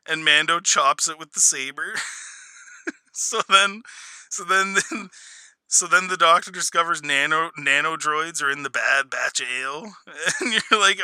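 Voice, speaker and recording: Sarcastic man with a bright dry voice. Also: high voice, smooth, dry recording, poor audio. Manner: sarcastic, laughing often, mocking with quick put-on voices. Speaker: video reviewer. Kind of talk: casual review commentary.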